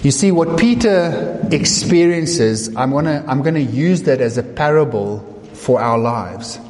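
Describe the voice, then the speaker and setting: A man preaching a sermon, telling the story with animated acting-out of scenes. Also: mid-range voice, measured pace. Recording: echoey hall reverb.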